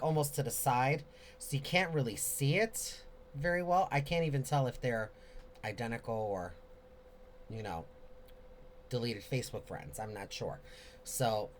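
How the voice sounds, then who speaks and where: Guy doing a live q&a video, middle pitched voice, rambly and expressive, bit of faint noise behind. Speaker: host answering viewer questions.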